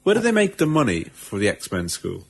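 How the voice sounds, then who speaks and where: A man's voice: mid-range voice, huge pitch swings, normal speed, creaky, husky. A man co-hosting a podcast, teasing the others in a dry way. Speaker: podcast host. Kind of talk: casual comedy chat.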